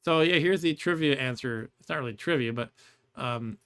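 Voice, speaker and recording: A man's voice: medium pitch, normal speed, fairly bright tone, clean tone. Chatty, rambling male game streamer. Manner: chatty and rambling, laughs often. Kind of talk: casual gameplay commentary.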